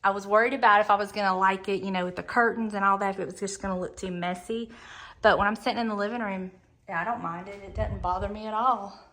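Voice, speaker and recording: Chatty Southern woman vlogging at home. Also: mid-range voice. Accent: Southern American. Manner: chatty, excitable, drawn-out storytelling. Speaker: lifestyle vlogger. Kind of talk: casual chat to camera.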